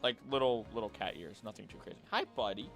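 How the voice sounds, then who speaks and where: A man chatting casually on a live gaming stream, jokey and animated, talking to the creatures on screen. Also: on the low side, fast, faint music behind. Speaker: streamer and voice actor.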